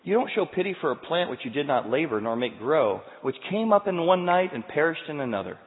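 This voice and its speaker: A male pastor preaching a sermon, telling the story in an animated way and moving between loud and quiet passages. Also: fairly high pitch, brisk. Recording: tinny sound, long hall reverb.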